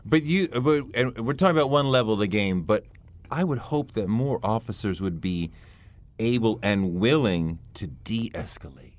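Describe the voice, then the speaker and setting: A man's voice: lowish voice, lively intonation, moderate pace. A man hosting an interview, asking thoughtful, probing questions in a conversational way. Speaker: podcast host.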